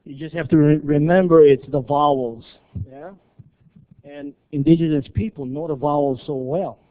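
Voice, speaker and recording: A man's voice: a little high, steady tone, normal speed. A man presenting at a live workshop, drilling pronunciation by repetition and checking in with the room after nearly every phrase. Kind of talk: live seminar teaching. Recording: tinny phone-like recording.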